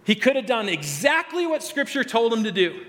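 A man with a notably high voice preaches a sermon in a conversational way. He often restarts and repeats words, then leans hard on the key phrases. His voice rings out with the long reverb of a large hall. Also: big pitch swings, normal speed, fairly bright tone. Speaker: pastor.

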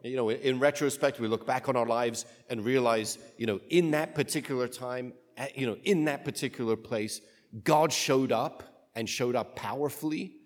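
A man's voice: medium pitch, moderate pace. A man, a priest, reading the gospel and then giving a homily in a conversational way, often asking "right?". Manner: conversational, asks rhetorical "right?". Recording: long reverb of a large room.

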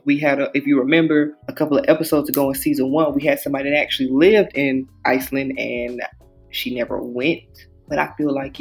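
A man co-hosting a podcast, chatting in a relaxed, easygoing way and cracking jokes. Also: a little high, creaky. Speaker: podcast co-host. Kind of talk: casual chat.

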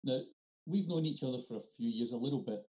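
A man's voice: medium pitch, fast talker, darkish tone, poor audio. A middle-aged man hosts a podcast interview and speaks in a friendly, informal way. His voice sits in a middle register, and he shares his own stories while asking questions. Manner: friendly, informal, says mate. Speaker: podcast host. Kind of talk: conversational interview.

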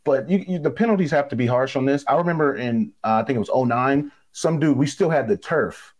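A man's voice: medium pitch, fairly quick, darkish tone. A man who is a former ballplayer, talking in an emphatic, blunt way, swearing freely in casual sports talk.

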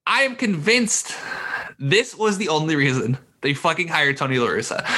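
A man's voice: a little high, expressive, moderate pace, bright, forceful tone. A young man co-hosting a sports podcast, ranting hotly and swearing as he talks. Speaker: podcast co-host. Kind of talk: casual sports podcast chat.

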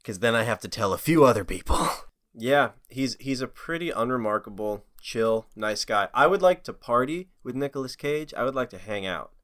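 A man's voice: medium pitch, expressive, normal speed, a bit bright. Joking young man in casual banter. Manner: joking, riffing, jumps into silly voices. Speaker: podcast co-host. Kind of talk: casual comedic chat.

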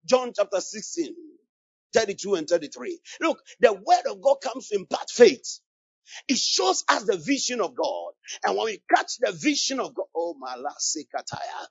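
Man preaching, fervent, keeps repeating lines and asking the crowd to answer, high voice, dry dull recording. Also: big pitch swings, moderate pace, gravelly, a bit bright, husky, no room sound. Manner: fervent call-and-response, repeating phrases. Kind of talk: sermon. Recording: dull lo-fi sound.

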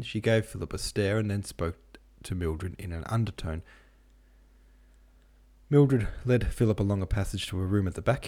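Deep-voiced male audiobook narrator. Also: a little mellow. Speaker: audiobook narrator and podcast host. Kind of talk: scripted narration of a classic novel.

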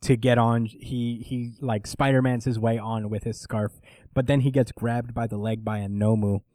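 A man chats casually as a co-host, recapping manga with loose energy and a lot of swearing. His voice sits at a middle pitch. The sound is dry and close. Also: normal speed, no room sound. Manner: animated, swearing, acts out characters' lines. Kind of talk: casual chat.

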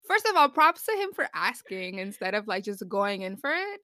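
Bright-voiced young woman telling stories. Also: medium pitch, big pitch swings, moderate pace, few pauses, no echo, clean studio sound. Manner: chatty storytelling, laughs often. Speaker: podcast co-host. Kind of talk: casual chat.

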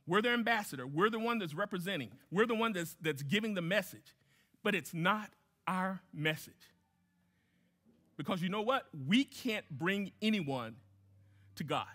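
Bright-voiced man preaching a sermon. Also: on the high side. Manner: emphatic, repeats key phrases; asks the congregation questions. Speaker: guest pastor.

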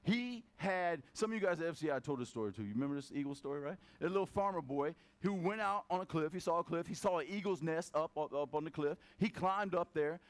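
A man's voice: a little high, fast, hardly any pauses. A male pastor preaching a casual sermon, telling stories and acting out voices as he goes. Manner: animated storytelling, acts out voices.

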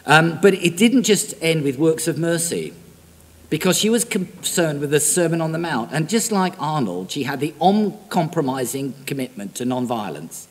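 A man delivers a sermon in a chatty, animated way, often turning to his congregation with questions. His voice sits fairly high and swings widely in pitch. A long reverb from a large hall trails after his words. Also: normal speed. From Britain. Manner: animated, conversational preaching with direct questions to the congregation. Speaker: preacher.

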